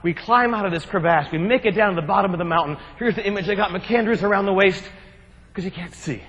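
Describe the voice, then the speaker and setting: A man from New Jersey giving a humorous keynote speech, telling adventure stories in an animated, joking way. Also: high-pitched, quick pace, lo-fi sound. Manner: animated, jokey, acts out shouts and quotes. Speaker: keynote speaker. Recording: long hall reverb.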